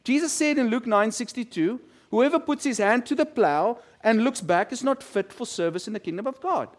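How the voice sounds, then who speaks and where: A man's voice: very high voice, lively intonation, normal speed. A middle-aged male pastor giving a sermon in a chatty storytelling way, acting out quotes from people he describes. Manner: conversational storytelling with quoted voices.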